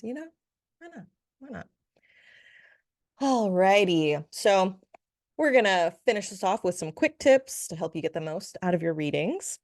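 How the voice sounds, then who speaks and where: A woman's voice: fairly low pitch, animated, moderate pace, creaky, a little mellow, no room sound. Giggly, chatty woman podcaster, dry sound. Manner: chatty, giggly, playful asides. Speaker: podcast host, spiritual reader. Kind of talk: solo podcast monologue.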